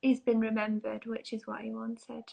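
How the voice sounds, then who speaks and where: A woman's voice: fairly high pitch, completely flat delivery, normal speed, creaky, a little mellow. A woman hosting an interview over a video call, mostly giving short interjections and follow-up questions. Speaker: host. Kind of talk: casual interview.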